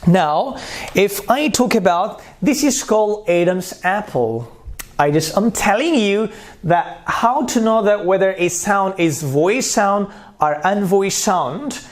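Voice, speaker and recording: A man's voice: high-pitched, animated, slow. A man teaching pronunciation, repeating terms and sounding out consonants one by one. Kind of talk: slow spoken lesson.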